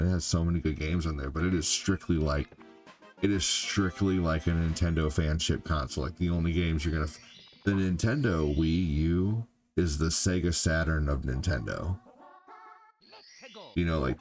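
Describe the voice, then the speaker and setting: Older male streamer, deep low voice, loose rambling chatter over quiet game music. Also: normal speed. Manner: rambling, heavy on "you know" and "like". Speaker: gaming streamer. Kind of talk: live gameplay stream chat.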